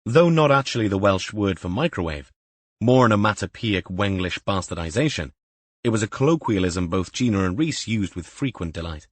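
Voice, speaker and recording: A man narrating a crime audiobook in a measured, even way. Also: fairly low pitch, dry recording. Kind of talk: scripted narration.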